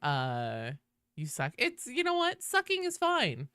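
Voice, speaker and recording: Bright, lively woman streamer. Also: slow pace, clear, resonant tone, dry recording. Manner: chatty, swears casually, greets viewers in a high sing-song. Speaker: game streamer. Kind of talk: casual livestream chat while gaming.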